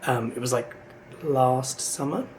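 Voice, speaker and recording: A man's voice: medium pitch, a little slow, a little mellow, slight background noise. A man, chatting casually and rambling to his vlog camera from a hotel room. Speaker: vlogger. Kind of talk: casual day-in-the-life chat. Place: hotel room high up in a city. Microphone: handheld vlog camera.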